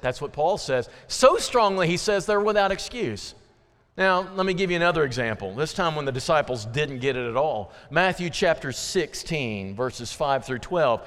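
Animated preacher man in a reverberant hall. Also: a little high. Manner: animated, conversational, acts out voices. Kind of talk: sermon. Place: church sanctuary. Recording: long reverb of a large hall.

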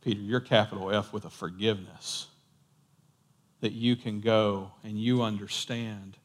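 Jesus, calm forgiving teacher, gentle and unhurried, as a preacher puts him on. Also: male voice, on the low side, voice pushed down, lightly acted. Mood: reassuring.

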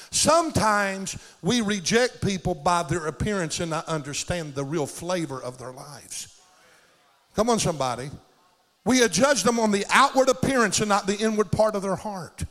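A high-voiced man preaches with exuberant energy, calling out for amens. His pitch swoops all over as he teaches. The sound carries a long hall reverb. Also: animated, normal speed. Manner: exuberant, calls for amens, shouts bursts of praise. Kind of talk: animated sermon.

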